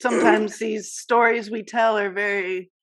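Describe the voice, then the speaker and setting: A woman's voice: mid-range voice, fairly even intonation, a little slow, fairly bright tone. A woman co-hosting a podcast in casual chat, answering with short supportive replies. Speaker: podcast co-host.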